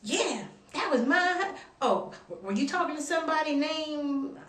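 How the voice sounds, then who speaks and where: A woman's voice: sits high, expressive, normal speed, a bit bright, echoey room, distant mic, voice pushed up. A woman putting on a suspicious, jealous woman pointedly questioning a stranger.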